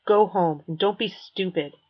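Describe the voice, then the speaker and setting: A woman reading an audiobook voices a cool teenage boy, the narrator's best friend, quick and lively, on a dull lo-fi recording. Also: on the low side, slightly rough. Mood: stern.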